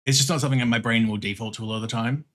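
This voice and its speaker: A man's voice: mid-range voice, very fast, a bit bright. A man with an Australian accent, chatting casually on a livestream, swearing freely and laughing often as he talks. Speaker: streamer.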